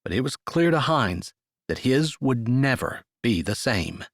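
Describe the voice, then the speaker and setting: A male audiobook narrator reads a romance in a measured, steady storytelling manner. His voice sits in an ordinary middle range. The recording is close and completely dry. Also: mid-range voice, no room sound. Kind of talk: scripted narration.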